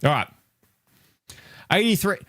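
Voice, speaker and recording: Aussie guy streaming, ranting and swearing about a game list, voice jumps all over, pretty high, dry close sound. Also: measured pace, no room sound. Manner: animated, swearing, exasperated ranting. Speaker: retro gaming streamer reacting to a list. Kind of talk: live reaction commentary.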